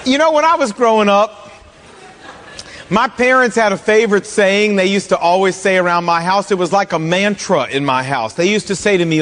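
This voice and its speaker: Male pastor, high voice, humorous self-mocking storyteller, sermon in a reverberant hall. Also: moderate pace, fairly bright tone.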